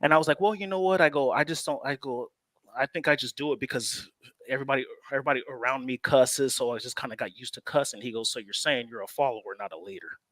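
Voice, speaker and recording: A man's voice: mid-range voice, steady tone, quick pace, fairly bright tone, no room sound. A man co-hosting a casual sports chat, telling a personal story at an easy pace and laughing often. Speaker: co-host.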